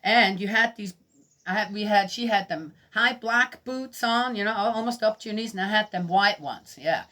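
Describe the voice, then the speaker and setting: A middle-aged woman from Switzerland teaches a Bible lesson through personal stories. Her voice is bright. She talks in a chatty way, laughs often and keeps asking her listeners questions. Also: mid-range voice, moderate pace. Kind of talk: storytelling sermon.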